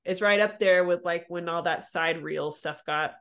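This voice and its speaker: A woman's voice: fairly low pitch, steady tone, moderate pace, fairly bright tone. A woman co-hosting a podcast in casual chat, rambling and restarting her sentences with frequent laughs. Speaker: podcast co-host.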